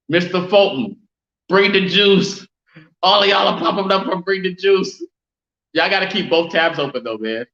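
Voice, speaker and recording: Casual man hosting a live stream. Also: mid-range voice. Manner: casual, reads and answers chat shout-outs. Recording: roomy, dull lo-fi sound.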